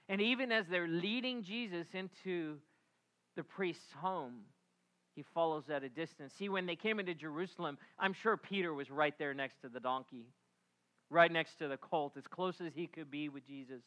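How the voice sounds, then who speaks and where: Bright, animated male preacher. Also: fairly high pitch, normal speed. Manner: animated storytelling, acting out voices, drops to a hush for reflective moments. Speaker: pastor. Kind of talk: sermon.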